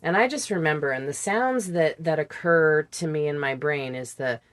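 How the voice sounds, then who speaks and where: A woman in her forties with a low voice speaks as a podcast guest, recounting her own past in conversation. She is candid and sometimes halting, and she imitates sounds as she remembers them. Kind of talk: personal storytelling in conversation.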